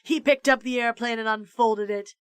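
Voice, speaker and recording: A woman streamer reading a children's book aloud, measured and expressive. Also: on the high side, clear, resonant tone, dry recording, clean studio sound. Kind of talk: storybook read-aloud.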